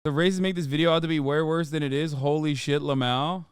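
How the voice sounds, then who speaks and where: Blunt, swearing male streamer, high clear voice. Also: steady tone, quick pace, no echo, clean studio sound. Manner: blunt, heavy swearing, incredulous. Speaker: streamer reacting to a clip. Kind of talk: casual live-stream commentary.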